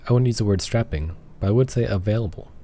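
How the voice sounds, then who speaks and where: A man's voice: lowish voice, fast, mellow. A man hosting a casual let's play, joking and reading game dialogue aloud. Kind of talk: casual gameplay commentary.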